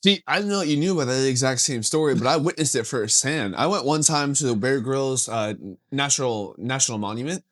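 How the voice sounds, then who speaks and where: Rambling, profane young man, a bit high. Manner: rambling, profane, laughs mid-sentence. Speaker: podcast co-host. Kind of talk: casual comedic chat.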